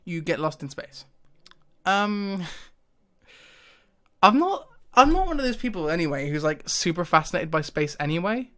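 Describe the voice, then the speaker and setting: A man's voice: high-pitched, lively intonation, measured pace, sharp tone. A man talking casually to the camera, thinking aloud with hesitations and frequent laughs. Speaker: YouTuber.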